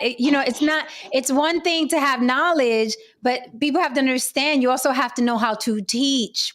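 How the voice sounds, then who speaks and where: A woman hosting a livestream panel, talking to the chat and repeating herself to keep control of the guests. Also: high voice. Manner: exasperated, addresses chat, repeats "listen". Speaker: host.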